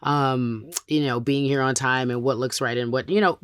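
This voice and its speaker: A woman's voice: a bass voice, steady tone, moderate pace, clean tone, no room sound, studio quality. A woman hosting a podcast, talking in an emphatic, conversational way and building her points in counted lists. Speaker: podcast host. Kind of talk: podcast monologue and interview.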